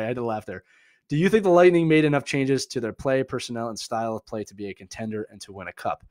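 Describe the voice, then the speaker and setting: A man from Philadelphia with a Philly accent, hosting a live hockey chat and answering viewer questions in a chatty, animated way. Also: mid-range voice, quick pace, dry recording, clean studio sound. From Philadelphia, USA. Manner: animated, chatty, full of filler words and asides.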